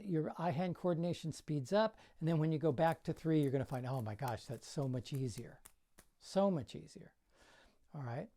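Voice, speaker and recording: In a mellow mid-range voice, an older coach demonstrates juggling during a laid-back tutorial in his bedroom. He counts each throw aloud and keeps his guidance plain and encouraging.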